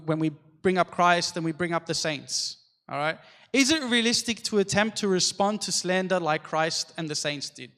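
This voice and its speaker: A man's voice: sits high, fairly bright tone. A young man giving a talk to a church youth group, telling a story and often checking in with "okay?". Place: church hall. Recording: long hall reverb.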